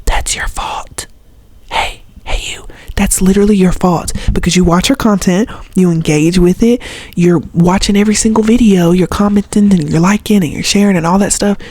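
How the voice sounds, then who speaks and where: A woman's voice: on the low side, brisk, warm tone. A young woman from the Southern US with a Southern accent, ranting casually to camera in a blunt, sarcastic way and swearing freely. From Southern United States. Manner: blunt and sarcastic, swears freely, mimics others in mocking voices. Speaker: vlogger.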